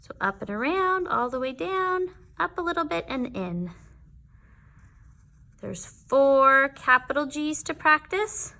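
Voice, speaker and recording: A woman teaching young children their letters in a patient, sing-song way, sounding out each letter slowly. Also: high voice, lively intonation, bright, forceful tone. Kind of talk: teaching a children's alphabet lesson.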